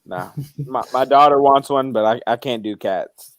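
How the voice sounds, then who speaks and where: A man with a smooth, clear voice at an ordinary pitch. He stumbles at first, then talks easily and casually. The sound is close and dry. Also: normal speed, no echo. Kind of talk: casual podcast chat.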